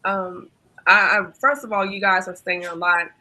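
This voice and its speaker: A woman's voice: fairly low pitch, steady tone, moderate pace, bright, forceful tone, low-quality recording. A woman hosting a panel discussion, earnestly telling a personal story with frequent ums and restarts. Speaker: host and facilitator.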